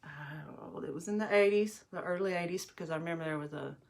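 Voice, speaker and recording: Middle-aged woman, livestream host; low-ish, chatty, rambling storyteller doing makeup on a phone. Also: a little fast, vocal fry. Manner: chatty, rambling, addresses viewers as y'all. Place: bathroom at home.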